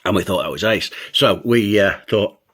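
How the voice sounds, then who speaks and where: A man's voice: on the low side, normal speed, a bit bright, slightly rough. An older man, a show host, telling a childhood story and laughing as he goes. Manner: amused, laughs between lines.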